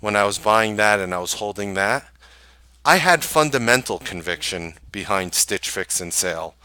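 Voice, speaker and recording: A man hosting a live trading stream, ranting casually to viewers in an animated, exasperated way and scoffing with short laughs. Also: fairly low pitch, normal speed, clean tone, dry recording.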